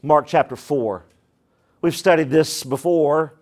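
High-voiced, emphatic preacher man. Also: slow, a little mellow. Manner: emphatic, dramatic, acts out quoted voices. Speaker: pastor. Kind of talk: sermon.

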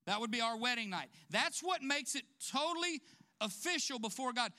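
A man preaches to his congregation in a high-pitched voice. His tone is bright and ringing, and he leans into his points with direct questions. Short laughs break up his sermon here and there. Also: lively intonation, normal speed. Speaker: pastor.

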